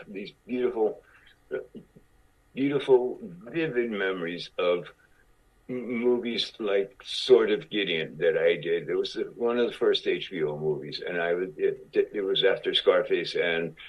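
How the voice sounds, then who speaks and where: A man's voice: low-pitched, fairly bright tone, husky. A man in his sixties telling long stories as a guest in a casual interview, often restarting and repeating words. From Cuba. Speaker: actor guest. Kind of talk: conversational storytelling. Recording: dull lo-fi podcast audio.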